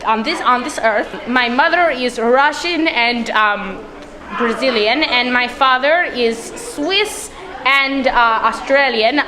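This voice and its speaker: Woman playing a deadpan, pompous art curator. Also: a little high, lightly acted.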